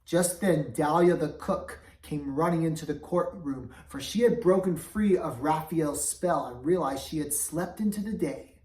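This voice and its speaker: A woman's voice: sits low, measured pace, hardly any pauses, a little mellow. A woman reading a chapter book aloud with dramatic expression, in a roomy recording from a distance. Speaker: storybook reader. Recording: roomy, voice away from mic.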